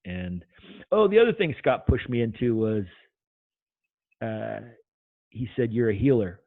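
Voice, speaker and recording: A man, a guest, telling his own story in a loose and animated way, swearing freely. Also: lowish voice, no room sound. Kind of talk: casual storytelling. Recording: tinny call audio.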